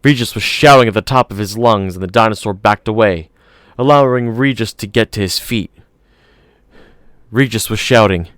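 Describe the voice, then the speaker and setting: A man narrating an audiobook in a steady, measured reading. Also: on the low side, smooth, no echo, studio quality.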